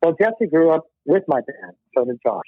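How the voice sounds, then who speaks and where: A man's voice: fairly high pitch, sing-song, normal speed, husky, no room sound. Male musician guest, emotional rambling storyteller, phone-quality audio, close and dry. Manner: rambling, heartfelt, many restarts. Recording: tinny phone line.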